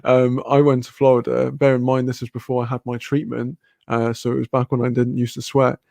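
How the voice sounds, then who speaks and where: A man's voice: medium pitch, flat delivery, a little fast, vocal fry, darkish tone, dry recording, studio quality. A man with a British accent chatting casually on a live stream, reading comments aloud, rambling, laughing often and swearing freely.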